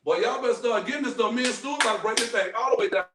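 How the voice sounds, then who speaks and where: A woman's voice: a little high, rapid-fire, noisy background. A woman, co-hosting a podcast and telling stories casually, acting out the dialogue and often laughing. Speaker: podcast co-host. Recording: echoey room, voice distant from mic.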